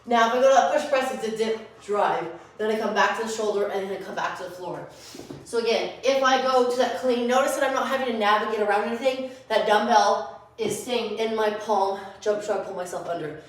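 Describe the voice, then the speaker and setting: A woman's voice: on the high side, fairly quick. A woman fitness coach with a scratchy voice from allergies, talking through lifts as she demonstrates them and correcting herself along the way. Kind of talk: workout tutorial. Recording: very echoey room.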